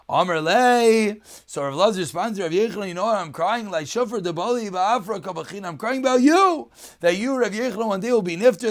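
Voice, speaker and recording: A man teaching a daf yomi Talmud lesson. He reads Aramaic phrases and explains them in English. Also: high voice.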